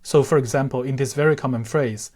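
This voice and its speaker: Male instructor, breathy timbre, measured and careful, lesson narration. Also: medium pitch, darkish tone. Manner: measured, careful, demonstrates word pronunciations aloud. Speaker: language teacher.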